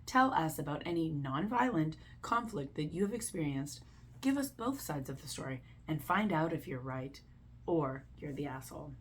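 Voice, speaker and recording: A woman's voice: deep voice, lively intonation, normal speed, husky. A woman reading Reddit posts aloud and giving blunt, opinionated commentary in a casual way, with lots of "like". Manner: blunt, opinionated, heavy use of "like". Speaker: Reddit story reader and commentator.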